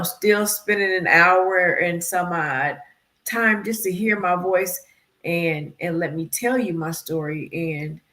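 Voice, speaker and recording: A woman's voice: lowish voice, pushed and bright. A woman being interviewed as a PR company head, talking casually in a rambling, self-deprecating way and laughing often. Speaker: guest, PR firm CEO.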